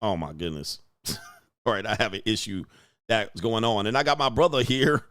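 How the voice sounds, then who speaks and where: A man's voice: fairly low pitch, moderate pace, fairly bright tone, no echo, studio quality. A man commenting bluntly and crudely on a video clip while streaming, laughing often.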